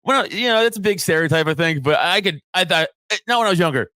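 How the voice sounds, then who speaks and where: A man's voice: high-pitched, lively intonation, fast talker, bright, forceful tone, no room sound, studio quality. Crude, laughing podcast co-host man. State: sleepy. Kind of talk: casual chat.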